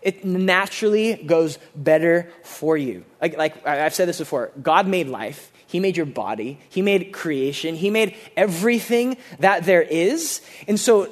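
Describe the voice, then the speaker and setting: A man preaching a sermon as pastor, earnest and conversational, with frequent restarts and sudden low, quiet drops for emphasis. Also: animated, measured pace, few pauses.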